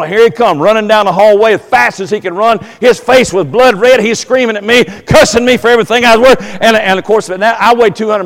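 High-pitched preacher in a big church. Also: male voice, in a large hall. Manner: folksy storytelling, rising to loud emphatic preaching. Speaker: pastor. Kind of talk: sermon. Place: church sanctuary.

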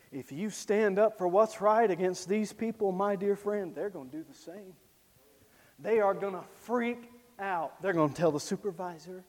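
A man with a strikingly high voice preaches a sermon, slow and deliberate. He hammers points with loud emphatic declarations, then drops to low asides. His voice rings through a reverberant hall.

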